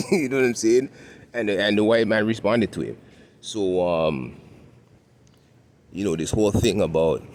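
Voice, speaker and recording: A man's voice: on the low side, slight background noise. A man with a Toronto accent, talking in a laid-back, chuckling way as he vlogs on a city walk, often tagging his sentences with "right?". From Canada. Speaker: vlogger. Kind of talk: casual walking vlog monologue. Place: outdoors, walking in the city.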